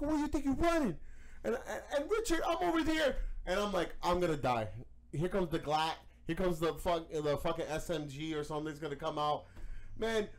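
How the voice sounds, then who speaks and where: Man, high voice, animated profane storytelling, casual podcast chat. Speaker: podcast host.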